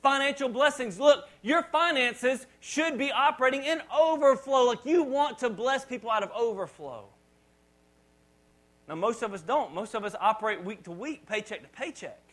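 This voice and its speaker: A male pastor gives a conversational sermon, often restarting and repeating words, and his delivery rises dramatically when he reads scripture. His voice is very high, expressive and a bit bright, at normal speed.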